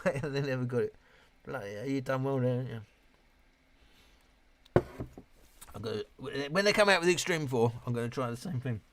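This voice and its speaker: With no echo, this voice comes across on the high side. It belongs to a British man in his late fifties, a little tipsy, chattering on a live stream and rambling, cursing freely as he reads viewers' chat aloud.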